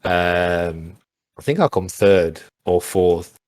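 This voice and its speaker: A man's voice: sits low, fairly even intonation, takes it slowly, no room sound, studio quality. A man chatting casually as an interview guest, telling stories with lots of fillers and restarts. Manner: rambling, many restarts and fillers. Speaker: interview guest, former pro gamer. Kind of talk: casual storytelling on a call.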